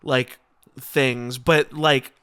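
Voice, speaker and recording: A man's voice: mid-range voice, steady tone, extremely slow, pushed and bright, smooth. A man co-hosting a podcast, talking casually and earnestly. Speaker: podcast co-host. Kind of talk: casual chat.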